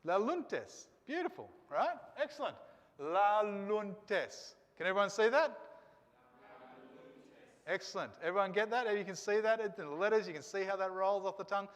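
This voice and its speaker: High-voiced man teaching a class. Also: expressive, brisk, fairly bright tone, long reverb tail. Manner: encouraging, asks questions and coaxes students. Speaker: Greek teacher.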